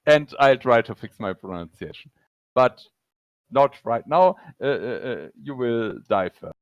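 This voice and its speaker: A man with a German accent running a tabletop game as game master, speaking haltingly with many fillers. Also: medium pitch, expressive, no room sound, dull audio.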